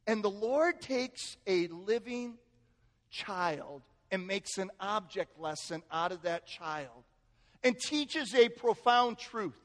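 A male pastor preaching in a church, telling a family story with lively, animated delivery. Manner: storytelling, animated, acts out family quotes with rising pitch. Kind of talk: sermon. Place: church sanctuary. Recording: echoey hall with long reverb.

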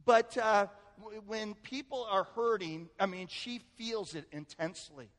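A male pastor preaching in a church, telling a family story with lively, animated delivery. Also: a little slow. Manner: storytelling, animated, acts out family quotes with rising pitch. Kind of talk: sermon. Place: church sanctuary. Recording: echoey hall with long reverb.

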